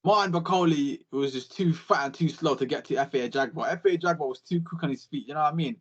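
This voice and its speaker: A young man talks boxing on a podcast, quick to swear and fond of repeating catchphrases. His voice sits a little high for a man. The recording sounds a bit dull and lo-fi. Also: slightly rough. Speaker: podcast co-host. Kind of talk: casual boxing chat.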